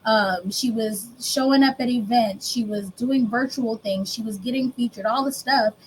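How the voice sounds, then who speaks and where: A business coach and speaker presents a workshop in a slightly higher-than-average voice, conversational and animated at normal speed. She frequently slips into playful acted-out exchanges with her clients. The low-quality recording has a little hiss or hum.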